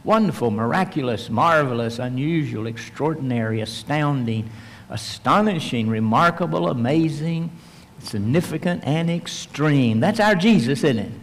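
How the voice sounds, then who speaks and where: A man's voice: medium pitch, lively intonation, a little slow, slight background noise. A male pastor preaching a sermon and leading a prayer. He retells a story vividly and acts out the voices of the people in it. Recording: long reverb, large hall.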